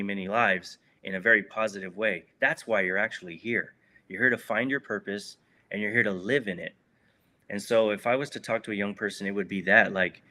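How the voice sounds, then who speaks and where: A man's voice: fairly low pitch, sharp tone. A man giving a heartfelt, reflective answer as an interview guest, earnest and repeating words for emphasis. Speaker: guest, former prisoner.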